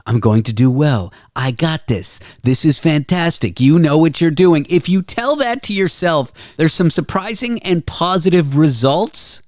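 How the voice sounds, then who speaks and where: A man's voice: a little high, no room sound, studio quality. Bouncy, jokey male show host. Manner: playful and jokey, with bouncy exaggerated delivery. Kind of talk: comic monologue.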